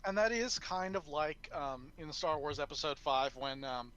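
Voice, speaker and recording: A man co-hosting a podcast in casual chat, speaking haltingly as he searches for words. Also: a little high, fairly bright tone, clean tone, lo-fi sound. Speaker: podcast co-host.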